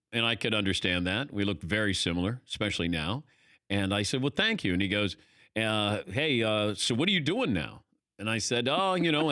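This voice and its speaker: Bright-voiced man hosting a studio show. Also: on the low side, dry recording. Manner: storytelling, self-mocking, acts out voices in anecdotes. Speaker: radio show host. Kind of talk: casual studio banter. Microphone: studio mic.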